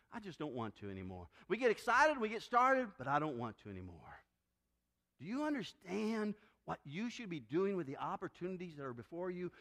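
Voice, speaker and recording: A man's voice: sits high, gravelly, fairly bright tone. A male pastor delivering a sermon, acting out quoted voices as he preaches.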